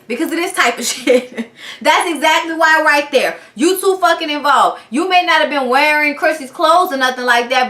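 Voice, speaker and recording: A blunt woman rants about a reality show episode, animated and heavy on the cursing. Her voice sits high and bright. The room around her is echoey. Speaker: TV show reviewer. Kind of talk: casual profane rant.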